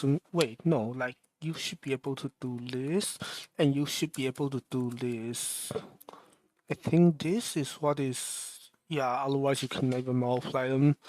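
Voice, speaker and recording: A man livestreaming while he programs, thinking aloud in a mumbling, halting way and questioning himself as he goes. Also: mid-range voice, a little mellow, no echo.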